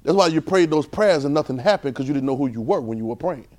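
A man preaching an informal, conversational sermon, repeating phrases and swinging between loud and soft. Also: on the high side, expressive, fast talker.

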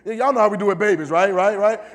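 Black church preacher guy, aave, higher voice, goes from quiet to shouting back and forth with the room. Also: fast, gravelly. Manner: call-and-response preaching, builds to shouts. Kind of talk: sermon.

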